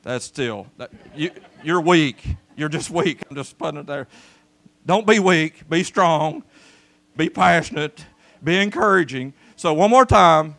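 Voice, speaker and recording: A pastor tells a folksy story from the pulpit and calls out to his congregation. His voice sits a little high and has a gravelly edge. His pitch swings widely as he acts out the scenes. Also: lively intonation, a little slow, fairly bright tone. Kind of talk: storytelling sermon. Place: church service.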